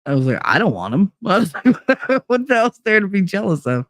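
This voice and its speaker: A woman's voice: mid-range voice, very animated, a little fast, dry recording, clean studio sound. A middle-aged woman, telling a story in casual, profane podcast chat, laughing and acting out the voices of the people in it. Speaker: podcast host.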